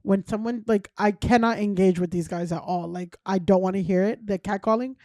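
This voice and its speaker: A woman in her thirties, a guest comedian on a casual podcast, telling lively stories and acting out quotes. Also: mid-range voice, brisk, dry recording, clean studio sound. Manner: animated storytelling, acting out quotes.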